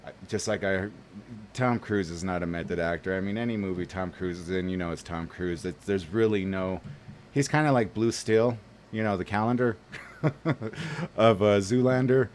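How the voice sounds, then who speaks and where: Casual male host, low voice, rambling and chatty. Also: steady tone, moderate pace, darkish tone, a little hiss or hum. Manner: rambling, full of likes and you knows. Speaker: movie reaction video host.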